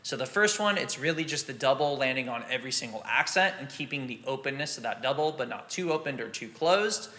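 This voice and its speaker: A man teaching drum rudiments in a relaxed, practical way, sometimes scatting the rhythms aloud. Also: medium pitch, fairly quick, hardly any pauses. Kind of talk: instructional explanation.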